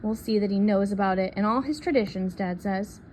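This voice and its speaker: A woman reading a picture book aloud in a soft, unhurried storytelling manner. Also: medium pitch, slight background noise. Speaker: reader.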